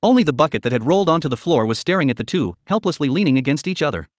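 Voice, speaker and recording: A man narrating a novel as an audiobook in an expressive storytelling manner. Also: on the high side, very fast, no room sound, studio quality.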